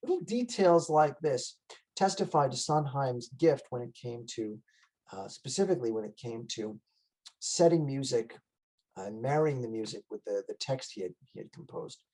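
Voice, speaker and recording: A man's voice: medium pitch, animated, moderate pace, a little mellow, poor audio. A man giving a conversational lecture on a musical, with frequent fillers and restarts. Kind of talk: casual lecture. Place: online library talk.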